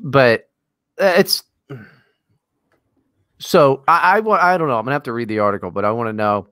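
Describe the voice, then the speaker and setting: A man's voice: mid-range voice, moderate pace, a bit bright, no room sound, studio quality. A man co-hosting a podcast in casual chat, talking in a sarcastic, mocking, profane way. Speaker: podcast co-host.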